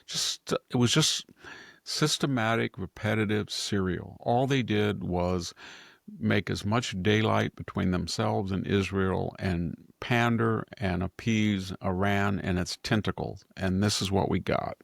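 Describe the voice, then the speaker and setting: Brief: low, gravelly male host, digressive political commentary, dry close mic. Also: a little slow, no room sound. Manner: digressive, editorializing, chuckles often.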